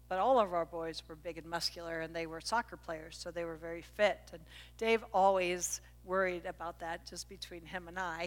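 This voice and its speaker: A middle-aged woman preaching a sermon, telling a family story with animated energy that jumps up at the high points. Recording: reverberant hall.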